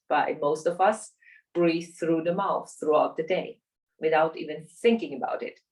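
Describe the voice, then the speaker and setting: A woman teaching a yoga class, giving calm, encouraging instructions with the odd restart. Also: low-pitched, moderate pace. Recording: voice a bit away from the mic.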